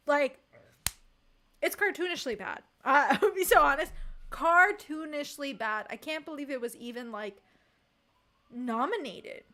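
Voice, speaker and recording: A woman with a high, bright, sharp voice, chatting casually on a livestream and answering her chat. She talks emphatically and expressively, with frequent laughter. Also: expressive, normal speed. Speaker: streamer.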